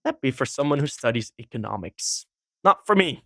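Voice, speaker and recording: Chatty esports caster, dry close sound. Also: male voice, medium pitch, big pitch swings, moderate pace, gravelly, no echo. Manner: casual, chatty, rambling with fillers and laughs. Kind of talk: solo live game commentary.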